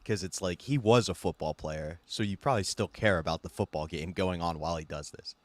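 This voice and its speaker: A man's voice: deep voice, fairly quick, no echo. A man co-hosting a live talk stream, chiming in with wry, crude jokes. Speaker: co-host. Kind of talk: casual live-stream chat.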